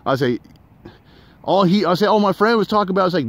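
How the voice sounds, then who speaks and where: A man's voice: sits high, very animated, normal speed, pauses often. A middle-aged man telling a story in a casual rant, profane and rambling, with lots of fillers and restarts.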